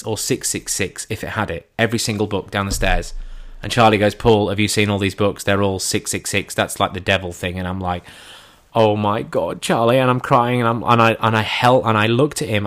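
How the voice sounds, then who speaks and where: Animated man telling a story. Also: fairly low pitch. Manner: animated, acts out his own and friends' lines. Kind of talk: first-person anecdote.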